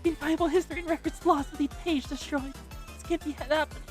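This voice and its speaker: A woman voicing a reclusive, prickly young librarian girl who speaks in a low, hushed mutter. Faint music plays underneath. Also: fairly even intonation, fast, close to an everyday voice. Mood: distraught. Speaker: library committee president.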